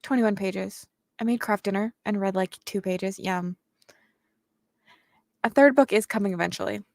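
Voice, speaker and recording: A woman's voice: medium pitch, normal speed, gravelly, darkish tone, no echo. Chatty young woman reading chat aloud. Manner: chatty, reads viewer comments and answers them. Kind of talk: casual livestream chat.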